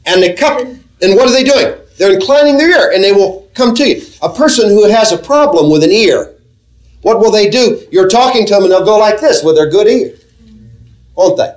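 A man preaching a sermon to a congregation, earnest and measured, asking them questions as he teaches. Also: high-pitched, lively intonation, poor audio. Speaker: pastor.

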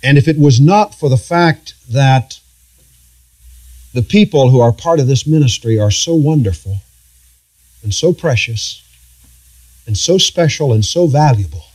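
A middle-aged man pastoring a church, preaching a sermon in an earnest, halting, confessional way with frequent restarts. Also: mid-range voice, a little mellow.

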